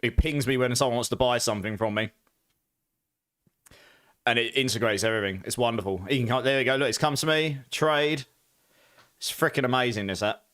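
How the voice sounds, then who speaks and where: A man's voice: mid-range voice, fairly quick, long pauses, a bit bright. A man chatting casually to viewers while streaming a game, thanking them by name. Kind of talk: casual live-stream chat.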